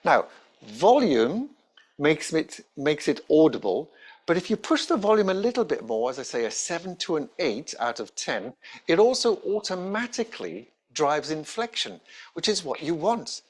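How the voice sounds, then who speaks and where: A man, a presentation skills trainer giving an instructional talk to camera with emphatic, varied intonation and deliberate pauses. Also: on the high side, very animated.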